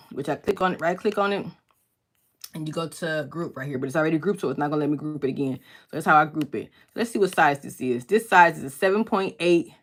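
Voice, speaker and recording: A woman with a low, deep speaking voice runs a casual crafting tutorial from her home workspace. She talks fast and keeps checking in with the viewer as she goes. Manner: fast-talking, checks in with "okay?" often. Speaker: crafting instructor. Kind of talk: casual screen-share tutorial.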